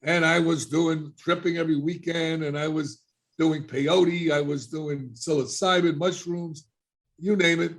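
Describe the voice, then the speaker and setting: A man's voice: on the high side, fairly even intonation, a little slow. A middle-aged man telling his life story as a podcast guest, casually and animatedly, acting out the voices of people he quotes.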